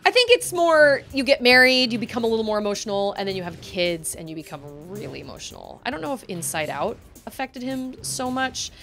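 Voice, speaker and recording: A woman's voice: on the high side, sing-song, fairly quick, hardly any pauses, a bit bright, soft background music. A woman livestreaming a video game, chatting casually and rambling, laughing often. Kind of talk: casual chat while gaming.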